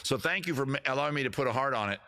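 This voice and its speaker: A man with a baritone voice, hosting his own live stream and joking about himself in loose, rambling banter between songs. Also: expressive, very fast, bright, forceful tone. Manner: self-deprecating, chatty, jokey. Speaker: host and guitarist of a live stream show. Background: his own guitar.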